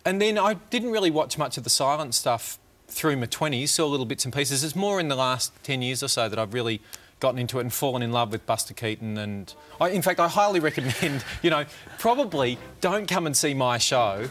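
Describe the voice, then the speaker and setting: A man's voice: medium pitch, lively intonation, brisk, fairly bright tone, faint music behind. Comedian, middle-aged man; loose, self-mocking talk full of ums and restarts. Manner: rambling, self-deprecating, many fillers. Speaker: comedian guest. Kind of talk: casual interview chat.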